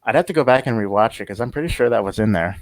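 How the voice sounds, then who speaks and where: A man's voice: mid-range voice, lively intonation, racing, slight background noise. A man co-hosting a podcast, thoughtful and hesitant as he recalls details. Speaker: podcast co-host. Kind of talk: casual chat.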